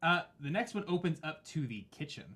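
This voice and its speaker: A man narrating a tabletop horror game as game master, halting and full of fillers and self-corrections. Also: on the high side, expressive, pushed and bright.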